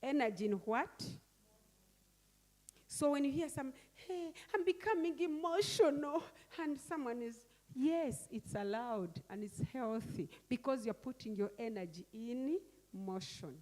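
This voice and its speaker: A woman teaches a workshop at a deliberately slow pace, stopping to quiz her listeners and have them repeat key words. Her voice rings out with a long reverb from a large hall. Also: high-pitched, animated, darkish tone. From Uganda. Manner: asks the audience questions and repeats key words. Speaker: workshop facilitator. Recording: echoey hall.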